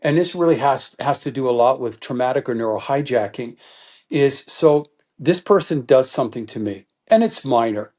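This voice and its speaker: A middle-aged man as a guest expert in an interview, explaining in an animated teaching manner and acting out quoted thoughts. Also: mid-range voice, moderate pace.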